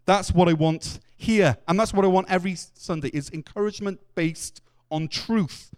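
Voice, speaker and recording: Bright-voiced male preacher, clear tone. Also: high-pitched, normal speed. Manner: earnest, acts out quoted voices. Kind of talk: sermon. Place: church.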